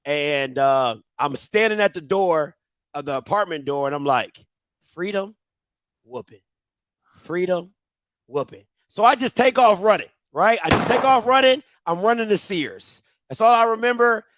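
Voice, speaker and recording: A man's voice: high-pitched, expressive, normal speed, a bit bright, no echo. A young man telling a childhood story on a talk show, acting out his younger self with screams and laughter. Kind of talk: animated storytelling.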